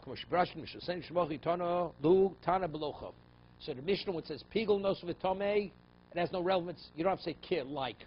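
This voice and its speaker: Man teaching Talmud, raised pitch. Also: husky. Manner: mixes Aramaic quotes into English, asks "okay?" and "right?" often. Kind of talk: Talmud class, explaining texts. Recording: slightly dull, faint room noise.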